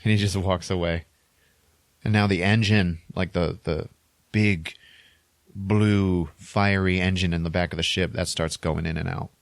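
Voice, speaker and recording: A man with a deep, low voice retells a film's plot casually on a podcast, rambling and animated, tossing in little sound effects. The sound is dry and close, with no room around it. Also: measured pace, vocal fry, dry recording. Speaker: podcast host. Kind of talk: casual movie plot recap.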